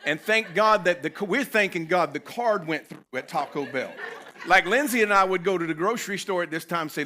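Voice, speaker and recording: A man's voice: high-pitched, expressive, brisk, sharp tone, slight background noise. A man, telling a personal story animatedly as a conference speaker. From North Carolina, US. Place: conference venue.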